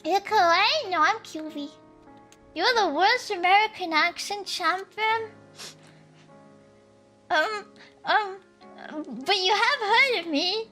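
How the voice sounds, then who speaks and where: A young woman chats with her stream audience in a very high, bright voice, giggly and playful. She talks at an unhurried, drawn-out pace, and soft lo-fi music plays faintly underneath. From Sweden. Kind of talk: casual chat while reading viewer comments.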